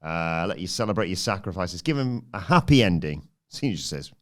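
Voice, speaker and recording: A man co-hosts a wrestling review podcast. His voice sits low. He recaps each segment in a dry, brisk way and pulls the chat back on topic. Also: sing-song, a bit bright. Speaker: podcast co-host.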